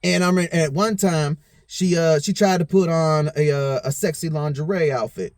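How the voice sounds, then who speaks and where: Man, high voice, tipsy, rambling, profane, dry close-mic sound. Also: moderate pace, a little mellow, no echo. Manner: rambling, profane, repeats "you know what I'm saying". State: a little tipsy. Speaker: podcast host. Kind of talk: casual storytelling monologue.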